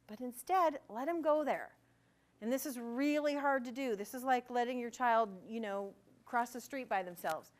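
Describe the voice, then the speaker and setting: A woman's voice: high voice, moderate pace. A middle-aged woman presenting a parent workshop in a conversational way, acting out bits of dialogue. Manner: conversational, acts out quoted dialogue. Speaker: gifted education administrator presenting to parents. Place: school meeting room.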